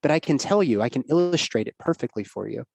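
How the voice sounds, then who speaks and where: Middle-aged male doctor, podcast guest, earnest and rambling, mid-pitched voice, dry close sound. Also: expressive, fast, gravelly, darkish tone, slightly rough, no echo. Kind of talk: casual podcast conversation.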